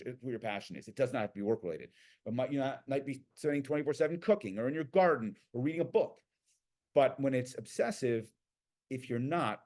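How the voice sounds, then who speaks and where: A man talking casually about passion, acting out the voices of the people in his stories with lively energy. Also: medium pitch. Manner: animated storyteller acting out quoted people. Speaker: guest speaker on passion. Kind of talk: casual talk.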